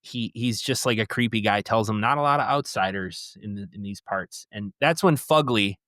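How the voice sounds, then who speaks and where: A man's voice: on the low side, moderate pace, a bit bright, no room sound, clean studio sound. A man co-hosting a podcast, casually retelling a film's plot in a rambling way and acting out quotes. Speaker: podcast co-host. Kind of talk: casual movie recap chat.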